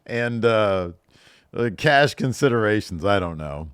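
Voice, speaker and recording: A man's voice: fairly low pitch, animated, a little slow, a bit bright, clear, resonant tone, dry recording, clean studio sound. A man in his thirties hosting a podcast, reading viewer questions aloud and answering them in a loose, joking way. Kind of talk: casual solo Q&A chat.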